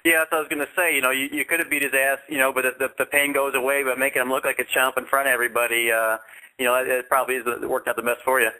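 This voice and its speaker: A man interviewing a guest, with halting, searching phrasing. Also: medium pitch, flat delivery, bright, forceful tone, low-quality recording. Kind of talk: casual interview.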